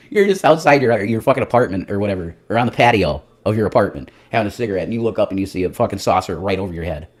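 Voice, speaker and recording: A man's voice: on the low side, expressive, fast. A man, a self-styled reverend, doing a rambling, profane comedic monologue on a livestream. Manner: profane, rambling, jumps between loud and muttered.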